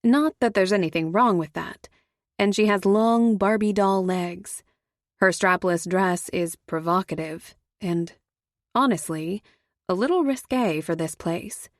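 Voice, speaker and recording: A woman narrating a first-person audiobook thriller in a measured, wry way. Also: medium pitch, dry recording, clean studio sound.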